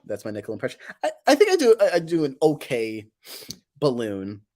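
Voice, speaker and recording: A woman's voice: extremely low pitch, wildly swooping pitch, fairly quick, a little mellow. A woman streamer and voice actor chatting casually and rambling with self-deprecating humor, her voice a bit worn. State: voice tired from overuse. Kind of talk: casual live-stream chat.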